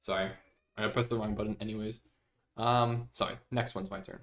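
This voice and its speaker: A man's voice: lowish voice, flat delivery, normal speed, fairly bright tone. Chatty young male streamer. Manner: chatty, reads viewer messages aloud, laughs often. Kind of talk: casual live-stream chat.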